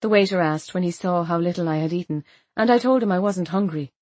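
A woman narrating a novel in the first person, wry and measured. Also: lowish voice, darkish tone, no echo. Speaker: audiobook narrator.

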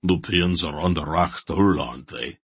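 A man voicing a big, rumbling warrior who speaks bluntly. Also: normal speed, vocal fry, fairly bright tone, slightly rough, no echo, exaggerated voice. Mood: gruff.

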